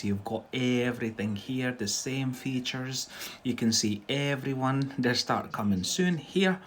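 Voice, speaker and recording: A man with an Algerian accent touched by Scottish, teaching English in a relaxed live stream. His voice sits at an ordinary middle pitch. He chats with viewers and keeps checking in with "yeah?" as he explains. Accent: Algerian with some Scottish. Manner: chatty, peppers speech with "yeah?". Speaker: English tutor.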